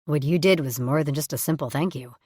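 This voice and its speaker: A woman's voice: sits low, fairly quick, a little mellow, husky, no room sound, studio quality. A woman doing a wry, muttering man.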